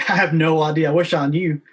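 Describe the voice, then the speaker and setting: A man with a fairly high speaking voice, talking easily as a podcast guest. He plays himself down and his stories come out in a relaxed, self-mocking way. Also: moderate pace. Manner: laid-back, self-deprecating. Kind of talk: casual interview chat.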